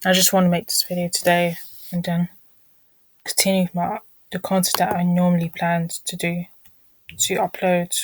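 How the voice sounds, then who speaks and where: A woman's voice: lowish voice, completely flat delivery, moderate pace, dry recording, low-quality recording. A woman vlogging casually, talking through her screen, apologizing often and muttering irritated asides under her breath.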